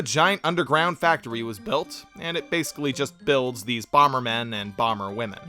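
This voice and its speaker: A man's voice: mid-range voice, moderate pace, hardly any pauses, over music. A man narrating a comedic video game review in a sarcastic way, breaking into exaggerated outbursts of mock dismay.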